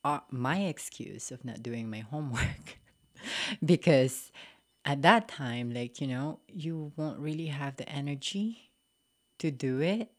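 Very low-voiced Filipino-accented young woman. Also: lively intonation, slow pace. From Philippines. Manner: candid and reflective, frequent "like, you know", laughs often. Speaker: podcast guest. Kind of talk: casual interview conversation.

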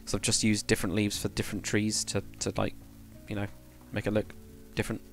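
A man's voice: fairly low pitch, completely flat delivery, a little fast, vocal fry, faint music behind. A man casually chatting on a game livestream, thinking aloud while building and answering chat. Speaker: game streamer.

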